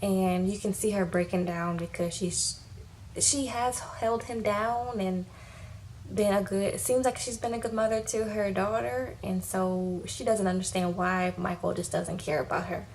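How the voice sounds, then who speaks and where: A woman giving a casual, animated recap of a TV episode, talking in slangy, lively fashion. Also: mid-range voice, a little slow, a little hiss or hum, rough recording. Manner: animated, slangy, acts out quotes. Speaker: TV recap vlogger. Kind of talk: casual recap with acted quotes.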